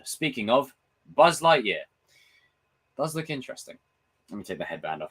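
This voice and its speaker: A young man chatting casually on his live stream, reading viewer comments, swearing freely and acting out film scenes with loud impressions. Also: medium pitch, moderate pace, pauses often. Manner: animated, swearing, reads and answers chat comments. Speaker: livestream host.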